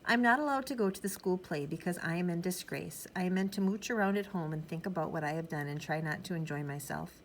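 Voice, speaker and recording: A woman's voice: lowish voice, fast, hardly any pauses, a little hiss or hum, low-quality recording. A woman reading a children's storybook aloud in first person, in a chatty, rambling childlike manner. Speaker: audiobook narrator.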